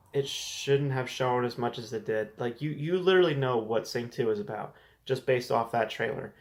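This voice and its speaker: Male host for a casual movie news show, mid-range voice, candid and talkative, prone to restarts. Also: mid-range voice. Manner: conversational, repeats and restarts words, frank opinions. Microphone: desk camera setup.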